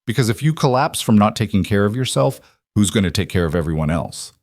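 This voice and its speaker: A man voicing a kind young frontier woman who speaks gently but firmly, reassuring a frightened family. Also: fairly low pitch, expressive, fast, no room sound, clean studio sound.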